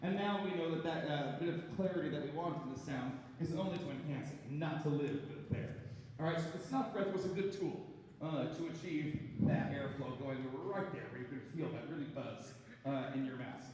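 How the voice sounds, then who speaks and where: A man coaching a chorus through a vocal warm-up in a chatty way, often checking in with "right?". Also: fairly high pitch, normal speed, slight background noise. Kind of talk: rehearsal coaching. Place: large echoey rehearsal hall. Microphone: distant room recording. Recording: echoey hall recorded from far off.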